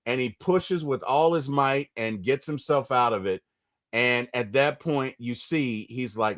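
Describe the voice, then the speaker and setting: A man hosting a casual movie recap chat, retelling scenes with lively bursts and quick impressions. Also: mid-range voice. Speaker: movie review podcast host.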